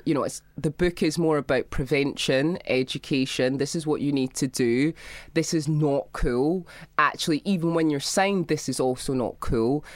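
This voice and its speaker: A woman's voice: sits low, no room sound. A Scottish woman guest talking animatedly in an interview, mimicking people and laughing as she tells stories. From Scotland. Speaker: guest, model and author. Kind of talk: casual interview talk.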